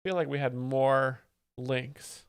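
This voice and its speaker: A man hosting a live stream, giving mock-expert commentary and reading chat in a deadpan, easily distracted way. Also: medium pitch, a little slow, clear, resonant tone, no echo, studio quality. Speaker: livestream host. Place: home setup with several screens.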